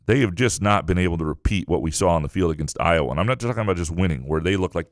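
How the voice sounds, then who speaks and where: Low-voiced guy chatting sports on a podcast, loose and rambly, dry close mic. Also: no room sound. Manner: rambling, self-correcting. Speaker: podcast co-host. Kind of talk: casual sports chat.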